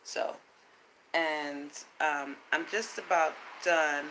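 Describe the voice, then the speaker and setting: A woman talks straight to her viewers in an unscripted vlog, bright and forceful in tone. She is blunt and swears freely, yet keeps a calm, lecturing cadence full of rhetorical questions. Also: lowish voice, measured pace, a little hiss or hum, poor audio. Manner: blunt, profane and emphatic; calm, preachy self-talk with rhetorical questions. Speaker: vlogger. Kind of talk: casual unscripted monologue.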